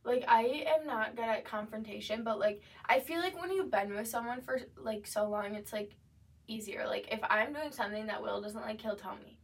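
A young woman co-hosting a podcast in casual chat, talkative and quick to laugh, with lots of fillers. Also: on the high side. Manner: chatty, laughs easily, many "like" fillers. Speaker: podcast co-host. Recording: voice a bit distant from the mic.

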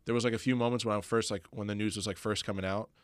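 A man talking as a guest on a podcast, fast and halting, with many restarts. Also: on the low side, steady tone, no room sound, clean studio sound. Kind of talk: casual podcast chat.

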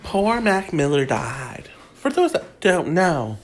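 A woman's voice: lowish voice, big pitch swings, slow pace. A woman host giving a crude comedic monologue, snarky and gossipy.

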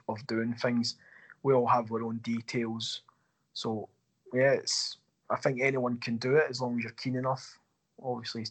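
A man's voice: mid-range voice, poor audio. A Scottish man, an ice hockey coach appearing as a podcast guest, who repeats words and restarts often while he thinks. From Scotland. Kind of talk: casual podcast interview.

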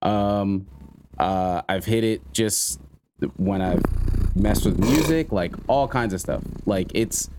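A man hosting a casual podcast chat, excitable and swearing freely as he tells stories. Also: lowish voice, takes it slowly, a little hiss or hum. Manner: excitable, swears a lot, animated storytelling.

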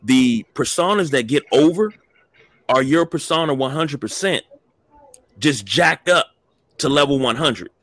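A man co-hosting a casual wrestling talk show, blunt and animated, swearing freely. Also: medium pitch, a little slow, pauses often, no room sound. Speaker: podcast co-host.

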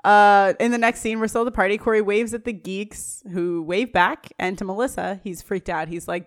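A woman's voice: medium pitch, steady tone, normal speed, hardly any pauses. A young woman co-hosting a podcast, casually recapping an episode scene by scene and acting out the characters' lines. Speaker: podcast co-host.

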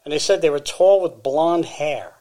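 A man's voice: on the high side, normal speed, mellow. A man co-hosting a podcast, casually retelling a story with fillers and restarts. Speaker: podcast co-host.

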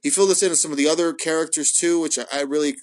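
Casual solo host, male, slightly high voice, swears a lot, rambles with many ums. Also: racing. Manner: profane, excitable, rambling with many fillers. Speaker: wrestling podcast host.

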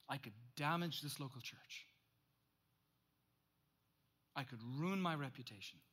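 A middle-aged male pastor preaching a sermon, swinging from loud emphatic bursts to hushed, intense asides. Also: fairly high pitch.

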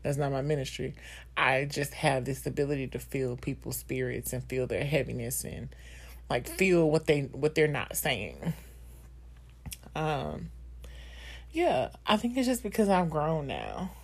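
A woman's voice: extremely low pitch, animated, a little slow, slightly rough. A woman in her thirties hosting a podcast, speaking candidly and emotionally in a personal monologue full of fillers and laughter. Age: 30s. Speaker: podcast host.

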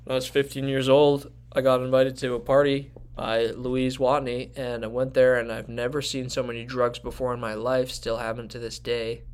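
Smooth-voiced man cracking dry jokes. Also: mid-range voice, little pitch movement, moderate pace, few pauses. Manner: jokey, dry one-liners. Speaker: podcast co-host. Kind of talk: casual chat.

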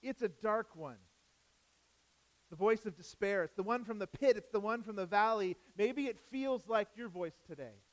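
A pastor preaches a sermon at a moderate pace, repeating key phrases for emphasis and asking the congregation rhetorical questions. He swings between loud, emphatic lines and soft, low asides, and the recording is rough.

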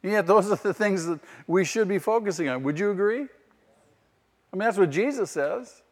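A man's voice: sits high, expressive, normal speed. A man preaching a sermon as pastor, emphatic and peppering the congregation with rhetorical questions. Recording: long hall reverb.

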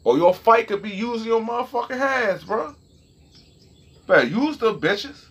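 Husky-voiced man ranting with lively pitch. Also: normal speed. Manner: profane, heated, animated. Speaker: vlogger. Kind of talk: casual storytelling rant.

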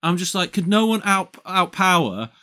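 A man's voice: high-pitched, big pitch swings, normal speed, pushed and bright. A man co-hosting a podcast, animatedly retelling a film's plot in casual chat and swearing freely. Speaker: podcast co-host. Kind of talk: casual film-review chat.

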